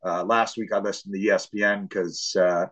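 Animated man telling a story. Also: deep voice, moderate pace, rough recording. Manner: animated storytelling, acts out shouts and voices of family; swears freely. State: hard of hearing. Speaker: podcast host. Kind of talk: casual sports chat.

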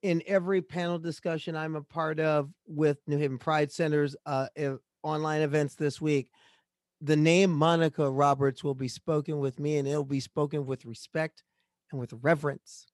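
A man's voice: fairly high pitch, flat delivery, normal speed, no echo, clean studio sound. A man co-hosting a podcast, speaking earnestly and reflectively, often restarting his sentences. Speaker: podcast co-host. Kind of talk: casual podcast chat. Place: Connecticut, United States.

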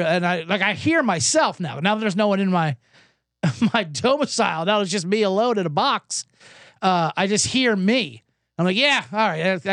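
A man's voice: high voice, fairly bright tone, dry recording, clean studio sound. A man hosting a podcast, telling a rambling, self-deprecating comedic story while he recovers from a cough. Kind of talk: comedic casual monologue. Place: indoors, Los Angeles.

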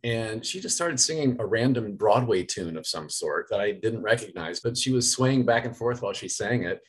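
A man's voice: lowish voice, animated, moderate pace, breathy edge. A middle-aged man, an actor answering interview questions in an enthusiastic, laughing way. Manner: enthusiastic, laughing fan talk.

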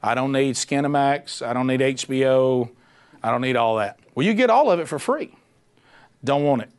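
Man preaching, middle-aged, lively swings in pitch, conversational, punchy, a bit high-voiced. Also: normal speed. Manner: animated, conversational, punchy repetition. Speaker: preacher, former radio host. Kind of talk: sermon.

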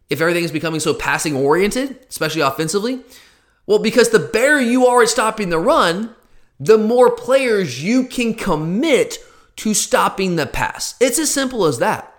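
Earnest football podcast host, slightly high voice. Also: male voice, a bit bright. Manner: earnest, repeats himself, talks directly to listeners. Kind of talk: explanatory solo commentary.

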